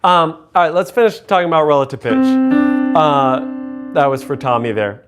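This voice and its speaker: A man hosting a casual livestream, teaching relative pitch by humming and singing intervals and chatting with viewers. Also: lively intonation, normal speed, loud music behind the voice. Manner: hums and sings intervals to demonstrate; chats with viewers. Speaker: livestream host and music teacher.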